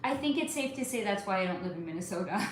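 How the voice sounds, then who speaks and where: A woman's voice: medium pitch, fast. A woman in her thirties from California, hosting a casual livestream and greeting viewers by name, calling them honey and darling. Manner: warm-toned, calls viewers honey and darling, chatty and animated. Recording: very echoey room with faint ambient noise.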